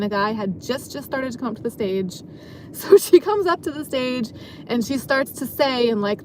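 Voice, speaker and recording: Woman, slightly high voice, casual vlog storytelling, rambling, lots of "like". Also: slight background noise. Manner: rambling, filler-heavy, frequent "like". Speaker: club dancer telling a work story.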